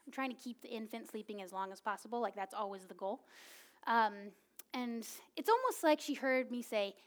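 A woman in her thirties preaching a sermon, telling a personal story in a casual, animated way with many filler words. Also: a little high. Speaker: pastor.

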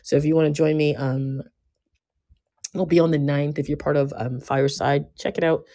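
A woman giving a casual motivational talk, emphatic and given to repeating herself, swinging between loud bursts and quiet asides. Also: low voice, steady tone, normal speed. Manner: emphatic, often repeating and restarting words. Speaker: speaker giving a self-help talk.

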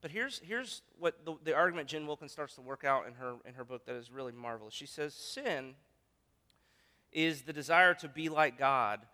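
A man's voice: a little high, lively intonation, normal speed, pushed and bright. A male pastor preaching a sermon, earnest and thinking aloud with frequent restarts. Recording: long hall reverb.

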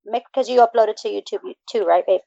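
A woman's voice: mid-range voice, quick pace, vocal fry, dark tone, no room sound. Woman, podcast co-host, filler-heavy casual chat, dull dry recording. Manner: chatty, filler-heavy, laughs easily.

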